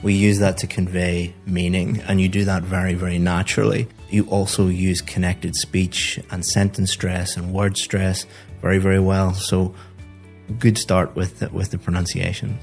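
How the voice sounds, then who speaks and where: Deep-voiced man giving test feedback. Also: moderate pace, gravelly, faint music behind. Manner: calm, methodical, repeats words when thinking. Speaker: IELTS teacher giving feedback. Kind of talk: speaking test feedback and course promo.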